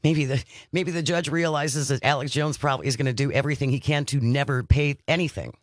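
A man co-hosting a news-discussion podcast, working through stories by reading them aloud and then adding his own remarks. His voice sits at a middle pitch for a man and sounds close and dry, with no room around it. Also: quick pace, dry recording. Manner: reads news items aloud with occasional commentary. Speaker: podcast co-host.

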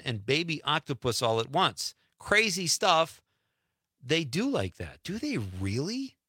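A man's voice: medium pitch, sharp tone, no echo, clean studio sound. A man hosting a radio show, chatting casually and reading listener texts aloud with easy laughs. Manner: chatty, laughs easily, drifts between lines. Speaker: radio host.

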